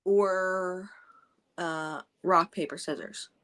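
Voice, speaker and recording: A woman's voice: on the low side, fairly even intonation, extremely slow, a bit bright. A woman co-hosting a book club livestream in casual chat, hesitant and often trailing off. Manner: hesitant, trailing off, laughing easily.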